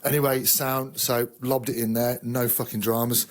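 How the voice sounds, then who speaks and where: An English army veteran telling a rambling, profane, self-mocking story in casual chat. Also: male voice, mid-range voice, flat delivery, normal speed. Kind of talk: casual sweary anecdote.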